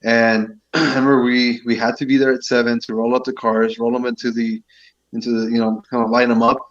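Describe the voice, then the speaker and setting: A man's voice: mid-range voice, level tone, a little fast. A man from San Diego chatting on a podcast, telling a rambling anecdote and putting on playful voices for the people he quotes. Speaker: podcast guest, events director. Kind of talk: casual chat, storytelling. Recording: dull lo-fi podcast audio.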